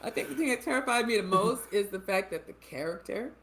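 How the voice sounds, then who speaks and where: A woman actress, a guest on an interview show, telling stories in a lively way and acting out what people said. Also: medium pitch, fast, poor audio. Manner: animated storyteller, acts out quotes. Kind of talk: casual interview chat.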